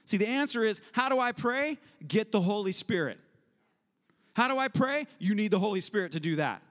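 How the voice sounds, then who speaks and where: A man preaching a sermon as pastor, animated, acting out prayers and voices. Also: high-pitched, brisk. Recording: long hall reverb.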